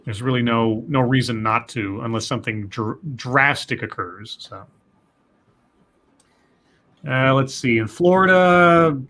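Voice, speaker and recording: Measured man hosting a live results stream. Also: medium pitch, fairly bright tone. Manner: measured, hedging, reads viewer comments. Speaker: host. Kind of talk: casual live commentary.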